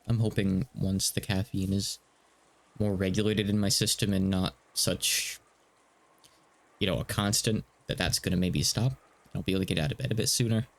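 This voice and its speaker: Rambling low-voiced male streamer. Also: steady tone, moderate pace, vocal fry. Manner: rambling, chatty, slightly stuttering. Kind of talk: casual let's-play commentary.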